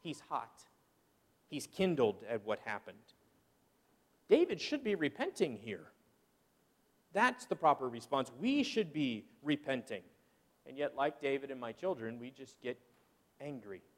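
A middle-aged man preaching a sermon as pastor, animated and acting out people's excuses in quoted voices. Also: mid-range voice, measured pace, pauses often, in a large hall.

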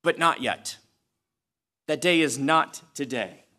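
A man's voice: on the high side, slow, pushed and bright. A man preaching a sermon in a conversational but emphatic way, repeating phrases for stress and adding touches of humor. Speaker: pastor.

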